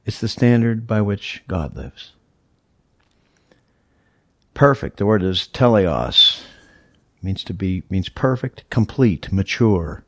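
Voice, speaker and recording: A man's voice: fairly low pitch, lively intonation, slow, long pauses, no echo, studio quality. A male pastor preaching a sermon, teaching verse by verse in an emphatic, explaining way. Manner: teacherly, emphatic, walks through scripture verse by verse.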